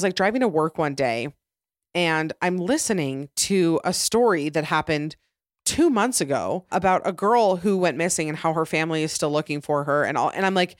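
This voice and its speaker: In clean studio sound with no audible room, a deep-voiced young woman talks solo on her own podcast. As host, she is chatty and rambling, often saying "like" and restarting her sentences.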